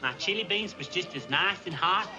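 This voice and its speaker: An actor playing a naive, cheerful young Marine private with a folksy Southern drawl, polite and earnest, in a 1960s TV sitcom. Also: male voice, sits high, expressive, normal speed. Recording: TV soundtrack with laugh track and music.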